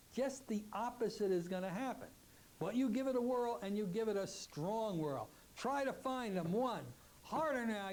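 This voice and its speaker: A man teaching a hypnotherapy technique, giving slow, drawn-out suggestions and acting out the client's replies. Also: extremely high pitch, a little mellow. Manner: acts out client and part voices in quick exchanges. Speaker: hypnotherapy instructor. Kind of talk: teaching lecture with demonstrations.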